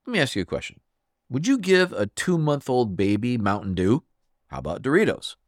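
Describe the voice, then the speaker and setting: A fired-up man rants on his own podcast, hammering his points with emphasis. His pitch leaps up and drops down with lots of life. The sound is dry and close, with no room around it. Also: sing-song, a little fast, no echo. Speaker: podcast host. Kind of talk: solo podcast rant.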